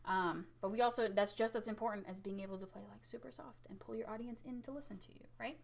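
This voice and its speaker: Here a woman with a mid-range, gravelly voice talks quickly through a relaxed music lesson on tape. She keeps things energetic and conversational, checks in with "right?" again and again, and uses her own voice to model loud and soft dynamics.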